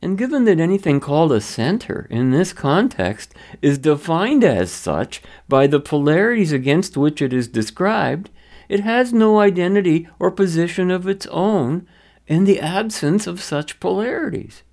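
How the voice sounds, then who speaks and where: A man's voice: sits high, sing-song, normal speed, darkish tone. A man hosting a broadcast, delivering scripted commentary in an emphatic, lecturing way. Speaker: radio host.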